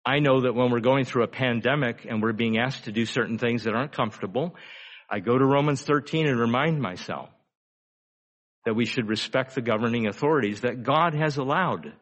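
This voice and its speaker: A man's voice: mid-range voice, a bit bright. Man preaching with rhetorical questions. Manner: conversational preaching, rhetorical questions, emphatic slowdowns. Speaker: pastor. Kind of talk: sermon.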